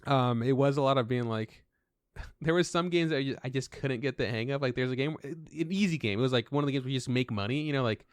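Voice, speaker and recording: A young man of medium pitch telling a long, rambling podcast story, leaning on "like" and slipping into quoted voices. The sound is close and dry, with no room echo. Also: fast talker. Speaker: podcast co-host. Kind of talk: casual chat.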